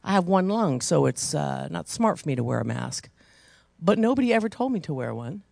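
A woman preaching a sermon, telling a personal story conversationally and rising into loud, emphatic preaching. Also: sits low, very animated, fairly quick, creaky, no room sound.

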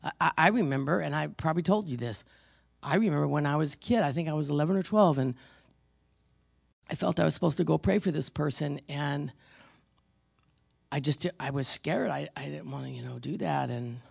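A woman in her sixties preaching, rambling through personal stories and swinging from hushed to emphatic. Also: sits low, a little fast, creaky, slightly rough, dry recording, studio quality.

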